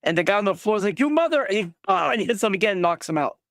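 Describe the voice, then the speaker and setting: A game master narrating a tabletop game in a casual, halting way, with many fillers and quick voices for each character. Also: mid-range voice, a bit bright, no echo, studio quality.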